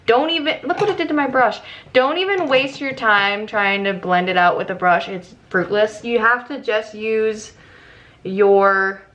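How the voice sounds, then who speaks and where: A young woman vlogging casually about her makeup, excitable and giggly, chatting as she works. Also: mid-range voice. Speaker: beauty vlogger. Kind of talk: casual makeup tutorial chat. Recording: slightly dull lo-fi audio.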